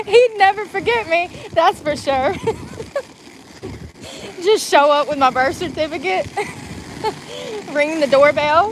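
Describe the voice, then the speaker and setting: High-voiced woman in her forties, laughing. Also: animated, slow pace, long pauses, a little hiss or hum, poor audio. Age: 40s. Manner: rambling, laughs through her words. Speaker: vlogger. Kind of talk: casual chat. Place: in a car while driving.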